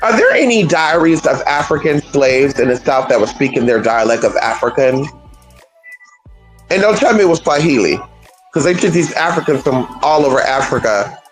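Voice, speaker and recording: A livestream host rants straight to viewers, firing off rhetorical questions and cursing freely. The voice rides a wide, lively pitch range. Soft music hums underneath. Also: normal speed, poor audio. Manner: animated, rhetorical, with profanity. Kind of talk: livestream rant.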